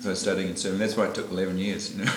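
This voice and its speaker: Very fast and flat, a low-pitched middle-aged man from New Zealand gives a personal testimony about his life over a meal. Heavy noise surrounds him: an echoey dining room with dishes clinking loudly. He rambles and laughs frequently, full of fillers and restarts.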